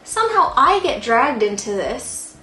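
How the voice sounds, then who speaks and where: A tipsy young plant vlogger with a high, unhurried voice tells a story animatedly while repotting plants at home, saying "like" constantly. The room is echoey, with background music and a little hiss or hum.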